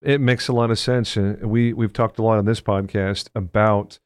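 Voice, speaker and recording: A man's voice: fairly low pitch, steady tone, normal speed, darkish tone, smooth, no echo, studio quality. A man from Texas who hosts a podcast and talks in a chatty, joking, friendly way. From Texas, United States. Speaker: podcast host. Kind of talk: casual interview chat.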